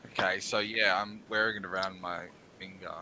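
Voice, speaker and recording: A man's voice: sits low, level tone, moderate pace, sharp tone, slight background noise, poor audio. A man playing a tabletop game who talks bluntly and jokes around. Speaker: player.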